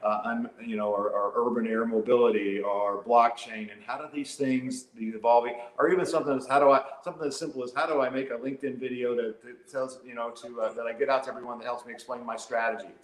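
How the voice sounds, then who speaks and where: A man's voice: medium pitch, steady tone, quick pace, hardly any pauses. A man co-hosting a live business show, giving advice in an earnest, casual way, often repeating words and trailing off. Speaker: co-host and business consultant. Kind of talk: casual conversational talk. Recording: echoey room sound.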